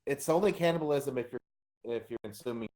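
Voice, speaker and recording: A player at a mid pitch who stumbles and repeats words as he gets going. He is chatting casually through a tabletop session with friends. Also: fairly quick, very noisy. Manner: stammers when starting his lines. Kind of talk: casual tabletop game chat.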